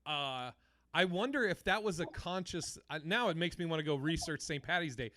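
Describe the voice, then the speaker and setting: A man hosts a casual podcast and thinks out loud, laughing and swearing easily. His voice is fairly high, bright and forceful. It sounds dry, with no room echo. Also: animated, moderate pace. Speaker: podcast host. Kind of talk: casual chat.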